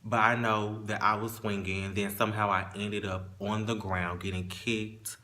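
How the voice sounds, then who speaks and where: Low-voiced man holding back tears. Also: flat delivery, sharp tone. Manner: halting, with restarts, emotional. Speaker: vlogger telling a personal story. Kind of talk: casual storytime monologue.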